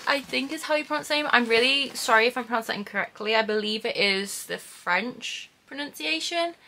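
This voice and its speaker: Young woman, bright tone, excitable book vlogger, gushes and gets emotional, casual home unboxing. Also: a little high, a little fast, gravelly. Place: home room with bookshelf.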